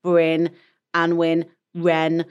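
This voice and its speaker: A woman's voice: fairly low pitch, completely flat delivery, very slow, clean tone, dull audio. A woman co-hosting a podcast, reading a listener's letter and chatting casually. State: drinking coffee. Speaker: podcast co-host.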